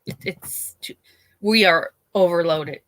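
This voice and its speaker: A woman from Pennsylvania, a YouTuber, chatting casually and telling a story in a rambling, animated way with many restarts. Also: fairly low pitch, slow, dry recording. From Scranton, Pennsylvania. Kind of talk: casual chat.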